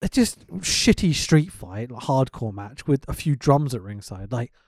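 A man's voice: mid-range voice, measured pace, no echo, clean studio sound. A man co-hosting a casual wrestling podcast, ranting with lots of swearing and indignation. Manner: animated, profane, indignant ranting.

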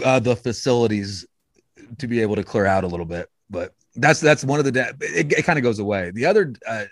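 Rambling man, low voice, dry sound. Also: no echo. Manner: rambling, many restarts and fillers. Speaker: podcast guest. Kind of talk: casual conversation.

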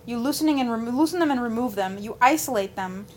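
A woman's voice: on the high side, animated, fast talker, darkish tone, a little hiss or hum. A woman co-hosting a podcast in casual chat, blunt and dismissive, often reading aloud from articles. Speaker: podcast co-host.

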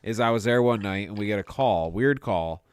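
A young man telling a story in casual chat, animated and swearing freely, acting out the voices of people in it. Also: on the low side, normal speed, smooth, dry recording, clean studio sound. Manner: animated, swearing often, acts out quoted voices. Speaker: podcast co-host telling a story.

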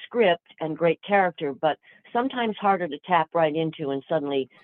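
An older woman, an actress guest, telling chatty stories in a lively way with many fillers. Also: low voice, normal speed, dry recording. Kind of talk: storytelling interview answers. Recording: tinny phone-like line.

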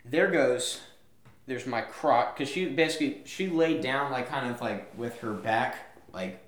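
A young man co-hosting a podcast, telling a story in casual chat and acting out quotes with sudden loud yelps. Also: medium pitch, measured pace. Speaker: podcast co-host. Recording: echoey room.

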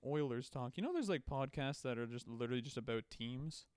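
A man's voice: mid-range voice, animated, fairly quick, a little mellow, clean tone, no room sound. A young man casually chatting about hockey as a podcast co-host, teasing and joking sarcastically.

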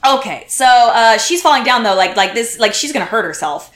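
A woman guest telling a story in casual chat, animated and full of restarts. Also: fairly high pitch, brisk. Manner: animated, lots of restarts and quoted voices. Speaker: podcast guest. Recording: roomy echo.

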